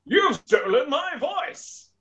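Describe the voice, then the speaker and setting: A man doing a booming TV announcer voice. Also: sing-song, bright, forceful tone, highs cut off, full character voice. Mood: indignant. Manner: slow, drawn-out, grandiose delivery. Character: booming male TV talent-show announcer voice.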